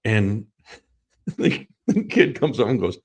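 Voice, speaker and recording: A man's voice: fairly low pitch, big pitch swings, takes it slowly, husky. A man co-hosting a sports talk show, telling rambling stories and laughing through them. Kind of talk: casual storytelling chat.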